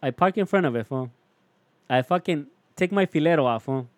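A man's voice: a little high, expressive, brisk, no echo. A young man, telling a story in casual chat, slangy and profane, calling his listener "fool" over and over.

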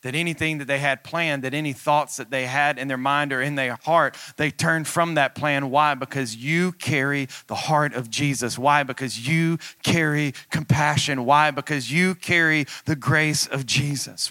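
Fervent preaching man, bright voice. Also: fairly high pitch, moderate pace, hardly any pauses, dry recording. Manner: rising, fervent preaching with repeated calls to the congregation. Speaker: lead pastor. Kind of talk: sermon.

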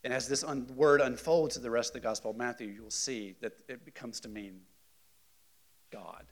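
Guy teaching bible class, chatty, gets loud and lively for emphasis. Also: mid-range voice, normal speed. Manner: conversational, often checks in with "okay?"; animated, rising loud for emphasis.

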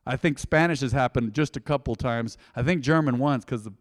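Animated male preacher in a big hall. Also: a little fast, studio quality. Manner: conversational, joking, dynamic swings in pitch and loudness. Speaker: pastor. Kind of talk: sermon.

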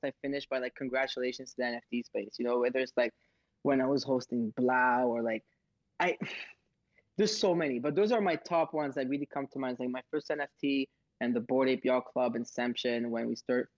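A man hosting audio rooms, telling stories in a rambling, excitable way and acting out sounds. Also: fairly high pitch, dry recording. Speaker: host of social audio rooms. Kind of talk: casual storytelling answer. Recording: dull, dry audio.

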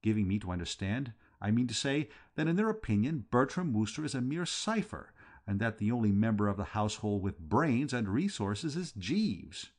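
A man reading a comic novel aloud in a wry, lively first-person narration. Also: lowish voice, normal speed. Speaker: audiobook reader.

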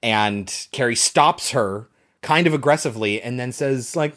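Enthusiastic male podcast co-host, casual film chat, mid pitch, profane. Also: moderate pace, fairly bright tone. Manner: enthusiastic, profane, acts out quotes.

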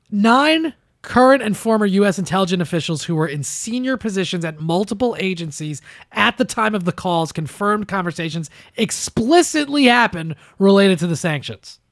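Animated, profane man on a podcast. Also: high-pitched, dry recording, clean studio sound. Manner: animated, profane, acts out quotes in mocking voices. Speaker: podcast co-host. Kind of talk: casual political commentary.

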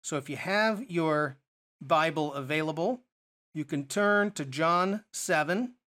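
A man's voice: a little high, slow pace, sharp tone. Man teaching a Bible study. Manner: explanatory, asks rhetorical questions.

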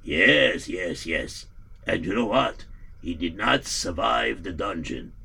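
Man playing a gravelly, grim Yiddish-accented villager. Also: deep voice, very animated, sharp tone, full character voice. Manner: halting, repeats himself. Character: male villager bearing grim news, weary and gloomy.

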